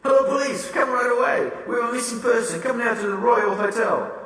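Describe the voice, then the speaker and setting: A nervous female event organizer played by a man pleads in a high, lively, bright voice. She sounds frantic and rushed. The voice comes from well away from the mic in a big, reverberant hall. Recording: echoey hall, far from the mic.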